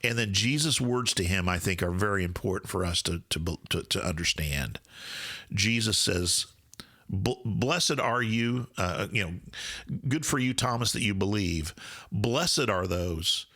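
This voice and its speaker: Male podcast co-host, bright tone, explanatory Bible-teacher manner, easygoing. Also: low voice, moderate pace. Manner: thoughtful, explanatory, frequent restarts. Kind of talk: casual Bible discussion.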